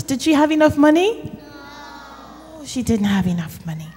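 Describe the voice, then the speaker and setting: A woman leading a children's corner in church, telling a story in an animated way that speaks directly to the children. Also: high-pitched. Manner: slow and animated, addressing children. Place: church sanctuary. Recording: reverberant church hall.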